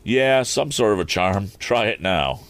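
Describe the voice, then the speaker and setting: A man voicing an eager young male inventor who speaks briskly. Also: fairly low pitch, animated, fairly bright tone, dry recording. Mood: friendly.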